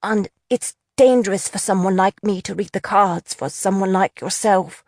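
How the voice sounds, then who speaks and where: A woman's voice: medium pitch, moderate pace, darkish tone, no room sound, studio quality, close to an everyday voice. Give me a woman playing a nervous young man who keeps apologizing, in a storybook reading. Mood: nervous pleading. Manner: pleading and apologetic. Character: nervous young male mine worker, fortune teller.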